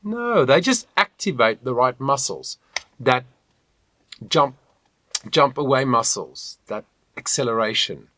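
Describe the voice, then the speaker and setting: Animated male voice coach. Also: mid-range voice, slow pace, long pauses. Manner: animated, encouraging, demonstrates with hums and sung lines. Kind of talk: online vocal lesson.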